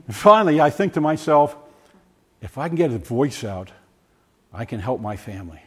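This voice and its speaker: Older man, personal testimony, animated storyteller, restarts, slightly high pitch. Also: moderate pace, husky. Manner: animated storyteller, acts out voices, stumbles and restarts. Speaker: former science teacher giving a testimony. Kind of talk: personal testimony talk to a group.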